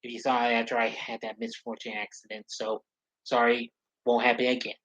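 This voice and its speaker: A man chatting casually on a live stream, rambling along with halting restarts and fillers. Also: mid-range voice, level tone, fairly bright tone, muffled recording.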